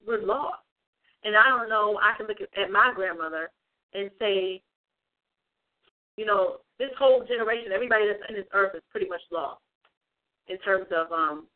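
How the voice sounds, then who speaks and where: An online religious speaker giving an informal livestream talk, rambling with many fillers and repeated phrases. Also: medium pitch. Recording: tinny phone-like sound.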